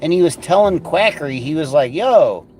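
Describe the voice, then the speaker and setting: A man's voice: a little high, brisk, darkish tone. A man hosting a livestream, ranting in a rambling, profane, mocking way. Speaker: livestream host. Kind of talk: profane casual livestream rant. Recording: clear music playing behind.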